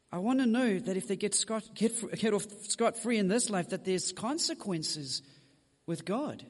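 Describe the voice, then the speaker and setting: A man's voice: high voice, big-room sound. A man preaching a sermon, speaking straight to his congregation with frank asides. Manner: direct, addresses the congregation with asides.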